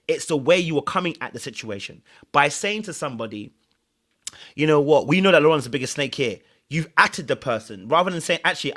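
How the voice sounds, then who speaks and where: Animated emphatic man, bright voice. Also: on the high side. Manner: animated, emphatic, acts out quotes. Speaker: podcast host. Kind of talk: reality-show commentary.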